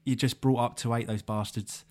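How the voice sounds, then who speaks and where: A man's voice: mid-range voice, fairly even intonation, normal speed, darkish tone. A young man co-hosting a football podcast in casual chat, laughing easily and calling his co-host mate. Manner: chatty, laughs easily, says mate a lot.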